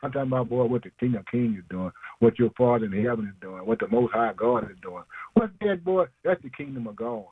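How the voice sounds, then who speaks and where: Husky man preaching over a tinny line. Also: medium pitch, animated, brisk, hardly any pauses, no room sound. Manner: emphatic call-and-response, asks and answers himself, chuckles often, slangy. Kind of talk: informal sermon.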